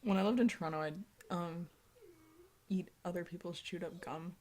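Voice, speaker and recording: A young woman co-hosting a casual podcast, speaking quietly and a bit sheepishly. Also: fairly low pitch, moderate pace. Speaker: podcast co-host. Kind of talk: casual chat.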